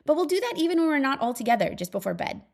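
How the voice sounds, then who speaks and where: Chatty, upbeat woman thinking out loud. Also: high voice, very animated, rapid-fire, gravelly. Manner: chatty, upbeat, laughs often, many fillers; reflective, earnest. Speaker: podcast host. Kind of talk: casual solo monologue.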